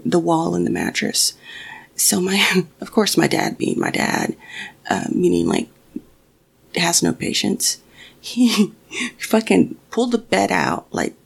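Gravelly woman telling a spooky story. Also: fairly low pitch. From Mexican family. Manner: casual, heavy swearing, frequent restarts. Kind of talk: casual personal storytelling.

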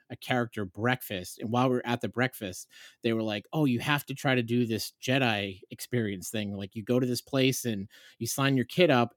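A man speaking as a podcast guest, recounting a story with lively energy. He slips into the voices of the people he quotes. His voice sits in an ordinary middle pitch, recorded dry and close. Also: no echo. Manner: animated, acts out quoted dialogue. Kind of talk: casual storytelling chat.

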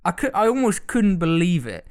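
Young guy, smooth resonant voice, slightly raised pitch, rambling casual chat. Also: very animated, moderate pace, a little mellow. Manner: rambling, self-interrupting, teasing.

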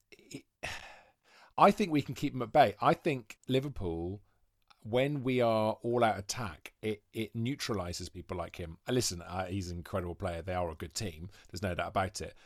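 A man in his forties from Wales, a podcast guest telling long rambling stories with quick asides in casual chat. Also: medium pitch, dry recording, clean studio sound. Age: 40s.

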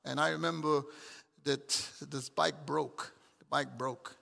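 A middle-aged pastor preaching a sermon, swinging from shouted emphatic calls to soft, chuckling storytelling. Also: male voice, on the high side, fairly even intonation, slow pace, vocal fry, big-room sound.

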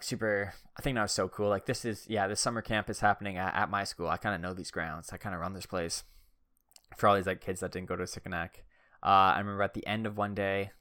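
A man's voice: low-pitched, pushed and bright, smooth, no room sound, studio quality. A young man telling childhood stories in a rambling, casual way, full of "like" and "uh". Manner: rambling, heavy use of "like" and "uh".

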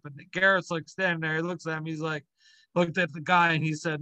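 A man in casual chat, telling a story in halting bursts full of "yeah" and "uh". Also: fairly high pitch, flat delivery, bright, forceful tone, no echo.

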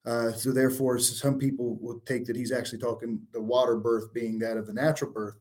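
A man's voice: medium pitch, little pitch movement, fairly quick, a little mellow. A man answering questions on a religious show, reading old-style scripture aloud and then explaining it earnestly. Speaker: guest bible teacher. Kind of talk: scripture teaching.

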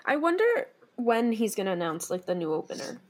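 A woman's voice: fairly high pitch, brisk. Young woman, casual podcast chatter. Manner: relaxed, filler-heavy chatter. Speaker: podcast co-host. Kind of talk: casual chat.

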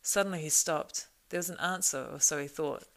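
Here a female audiobook narrator tells a storybook tale in measured, expressive tones. Gravelly and steady, her voice rests on the low side for a woman.

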